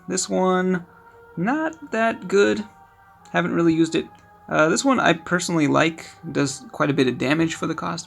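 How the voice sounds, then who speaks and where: A man runs through a card collection with quick, offhand verdicts, often pausing on fillers. His voice sits a bit high and is heavy with gravelly fry. Faint music plays underneath. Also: fairly bright tone. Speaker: card game video creator. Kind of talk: casual card-by-card review.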